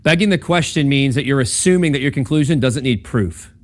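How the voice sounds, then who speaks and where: A man teaches in a loose classroom lecture style, checking in with his listeners and often asking "right?" He acts out short bits of quoted dialogue as he explains. His pitch sits in the middle for a man. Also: expressive, brisk. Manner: conversational, checks in with "right?" and "okay?". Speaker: speaker at a campus talk.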